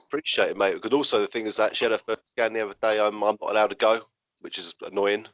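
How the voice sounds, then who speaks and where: Man, lowish voice, quick talker, loud and chatty, dry dull call audio. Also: fairly even intonation, dry recording. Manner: loud, chatty, says "mate" a lot. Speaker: podcast host. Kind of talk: casual interview chat. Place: cluttered spare room at home. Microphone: laptop or phone over a video call.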